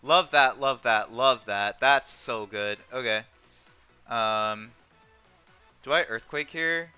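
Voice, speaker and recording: Young male game commentator, very bright and crisp tone, talks through each move with ums, faint music underneath. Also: mid-range voice, slow pace. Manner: thinks aloud with frequent ums. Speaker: competitive game player. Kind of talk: live gameplay commentary.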